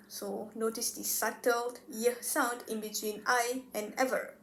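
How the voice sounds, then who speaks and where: A young woman student giving a class presentation, chatty and relaxed, saying example words aloud to demonstrate them. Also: a little high, a little slow, hardly any pauses, slight background noise. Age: young adult. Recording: echoey room.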